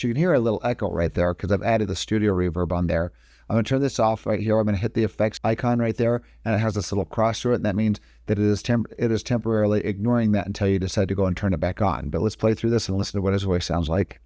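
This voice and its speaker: Low-voiced man walking through software. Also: fast, no echo, studio quality. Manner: casual step-by-step explaining, frequent self-corrections. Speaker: video editing instructor. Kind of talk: screen-recorded software tutorial.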